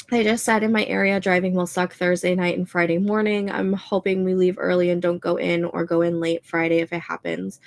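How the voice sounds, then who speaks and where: Chatty Minnesotan woman with a gravelly edge. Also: lowish voice, level tone, moderate pace. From American Midwest. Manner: chatty, many "like" and "um" fillers, laughs often. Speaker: livestream host reading chat. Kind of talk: casual chat.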